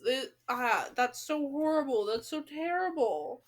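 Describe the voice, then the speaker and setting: A woman with a high voice reads a novel aloud, stopping often for big dramatic reactions and exclamations. Her reading is lively and expressive throughout. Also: unhurried, few pauses. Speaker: book reader.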